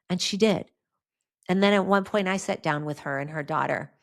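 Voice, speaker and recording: A middle-aged woman with a slightly low voice speaks earnestly as a podcast host. She shares personal stories in an unhurried, heartfelt way. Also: creaky. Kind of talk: faith-based talk on trauma healing.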